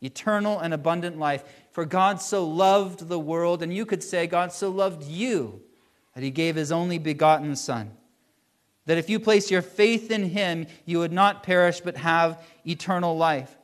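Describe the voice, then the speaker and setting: A man preaching a sermon in an earnest way, slowing down on key phrases and letting his voice rise and fall. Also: fairly high pitch. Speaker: pastor.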